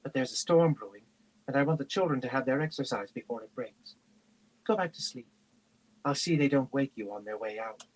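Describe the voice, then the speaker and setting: A gentle, motherly caretaker, voiced by a man reading aloud, speaking in a soothing, raised voice. She sounds calm and reassuring, coaxing someone back to sleep. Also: mid-range voice, fairly quick, pitched above the performer's own voice, close to an everyday voice, poor audio. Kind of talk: audiobook-style reading.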